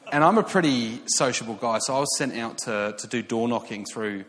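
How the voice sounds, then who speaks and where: A man's voice: medium pitch, fairly quick. Male preacher, 30s, English accent, casual storytelling sermon with restarts, large reverberant hall. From England. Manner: chatty and self-mocking, with many fillers and restarts, rising excitement.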